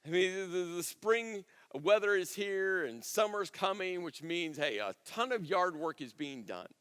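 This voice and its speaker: A middle-aged man preaching a sermon as pastor. He talks conversationally, repeats his phrases, and drops almost to a hush on key words. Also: high voice, expressive, a little slow, clear, resonant tone, in a large hall.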